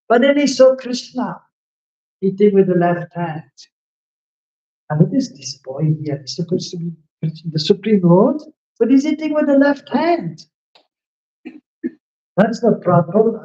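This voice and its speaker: A man giving a devotional scripture lecture, telling stories and acting out the lines of the figures in them. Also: high voice. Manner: animated storyteller acting out quoted lines. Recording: echoey room, dull lo-fi sound.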